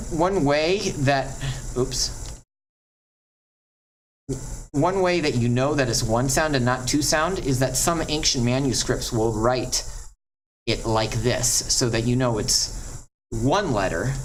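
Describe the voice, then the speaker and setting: Slow, chatty male Latin teacher. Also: medium pitch, slight background noise, rough recording. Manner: chatty and encouraging, drawls out example words. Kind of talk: classroom lesson on pronunciation.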